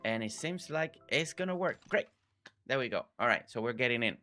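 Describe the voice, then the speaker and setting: A man's voice: mid-range voice, lively intonation, fairly quick, soft background music. A man live-streaming a farming game, chatting casually with his viewers and thanking them by name. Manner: friendly, reads chat aloud, warm thanks to viewers.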